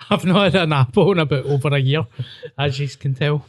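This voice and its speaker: Male co-host, slightly high voice, dry close mic, laid-back. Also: moderate pace, dry recording. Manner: laid-back, short replies, swears. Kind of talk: casual chat.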